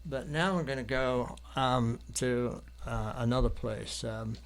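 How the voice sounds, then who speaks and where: A man's voice: mid-range voice, unhurried, vocal fry. Rambling English man telling stories. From London, England. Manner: rambling, hesitant, full of ums and restarts. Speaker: artist guest. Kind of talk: anecdotal storytelling in an interview.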